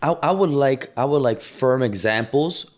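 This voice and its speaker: A man's voice: medium pitch, normal speed. A man co-hosting a casual talk show, speaking emphatically and reading out news headlines. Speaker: podcast co-host. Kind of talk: casual chat.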